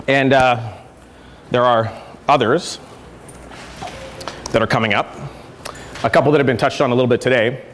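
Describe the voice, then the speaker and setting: A man's voice: mid-range voice, big-room sound. A man giving a conference talk, conversational and self-correcting with frequent fillers. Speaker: conference speaker. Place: lecture hall.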